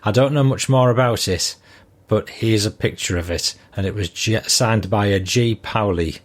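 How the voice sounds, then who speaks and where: An older man hosting a podcast, reading listener messages aloud in a relaxed, conversational way. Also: lowish voice, normal speed. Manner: relaxed, conversational, with frequent ums. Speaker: podcast host.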